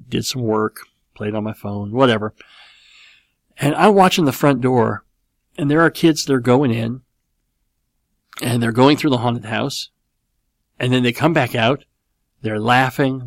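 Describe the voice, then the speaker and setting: Host, male, 40s, gravelly: chatty parent spinning an animated anecdote, dry studio feel. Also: mid-range voice, no echo. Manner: rambling, animated, with many fillers and restarts. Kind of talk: casual storytelling.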